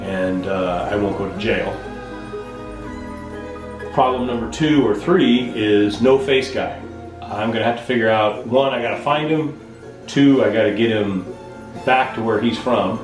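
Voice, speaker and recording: A man's voice: fairly low pitch, a little slow, pauses often, reverberant. A man rambling through a playful, self-correcting comic vlog monologue. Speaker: vlogger and storyteller. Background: music.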